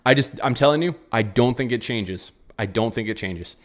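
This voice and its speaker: A man's voice: medium pitch, moderate pace. A young man hosting a live post-match football reaction, frustrated and rambling, repeating himself as he answers chat comments. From United States. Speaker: football channel host.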